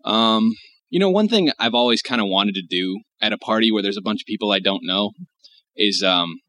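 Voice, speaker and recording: A man's voice: on the low side, expressive, brisk, pushed and bright. An American man rambling in casual chat, curious and full of fillers. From United States.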